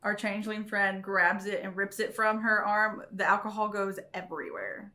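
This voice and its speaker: A woman running a tabletop game as game master, easygoing and quick to laugh. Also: medium pitch, sharp tone.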